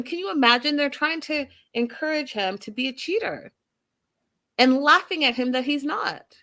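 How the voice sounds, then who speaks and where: Hosting a reality TV recap and review, a woman speaks at normal speed in a high, sharp voice with lively intonation. She hits her points hard, repeats phrases, and throws rhetorical questions at her listeners.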